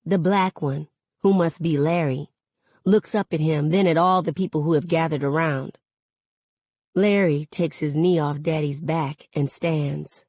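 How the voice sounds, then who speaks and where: Lady reading a novel out loud, real slow and even, kinda low voice. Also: no room sound. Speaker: reader.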